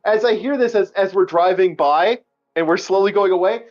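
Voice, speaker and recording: A man hosting a podcast, telling a story in an animated, profane, casual way and acting out the dialogue. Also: high voice, moderate pace, soft background music. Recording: dull lo-fi recording.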